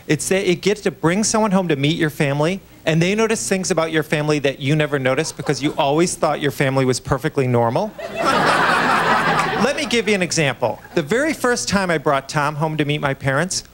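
A man from Buffalo, New York, doing a stand-up comedy set on a TV stage, with a lively, punchy delivery and quick voiced impressions of his family. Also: fairly high pitch, a crowd in the background. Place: comedy club stage on a TV show with a live audience. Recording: loud audience laughter and noise.

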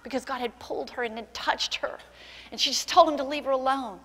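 A woman's voice: high-pitched, fairly quick, fairly bright tone. Impassioned woman preacher in an echoing hall. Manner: impassioned preaching, voice rising to cries in acted quotes. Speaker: pastor. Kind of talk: sermon. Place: church sanctuary.

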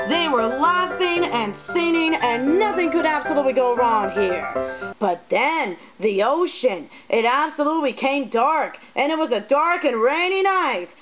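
A female storyteller narrates a made-up adventure in a high, bright voice. She rambles with excitement and swings her pitch wildly. Music plays clearly behind her. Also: lo-fi sound. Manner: excitable, rambling, sound effects. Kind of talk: improvised toy story narration.

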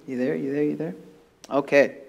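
Guy pastor preaching to his church, kinda higher voice, lots of ums, chatty storyteller vibe. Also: moderate pace, creaky. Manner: animated storytelling with frequent fillers. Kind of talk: sermon. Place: church service.

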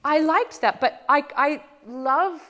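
Animated woman coaching a singer. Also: sits high, slow, big-room sound. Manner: animated, demonstrates by singing. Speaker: voice teacher. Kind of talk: master class coaching.

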